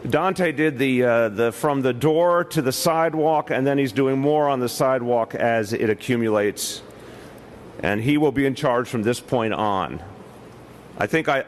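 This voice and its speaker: A man in his fifties with a New York accent delivers an official press briefing in a measured, deliberate way, often pausing on "uh" between points. His pitch sits in the middle of the male range. A faint ambience hangs in the background. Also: slight background noise. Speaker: mayor giving a press briefing.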